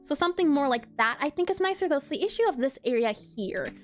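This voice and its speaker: A bubbly woman chats casually with her live-stream viewers as she works on pixel art. Her voice is very high and swoops up and down, and she laughs easily. Soft music plays faintly in the background. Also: animated, fast. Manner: bubbly, chatty, laughs often, reacts to chat. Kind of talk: casual live-stream chat while drawing.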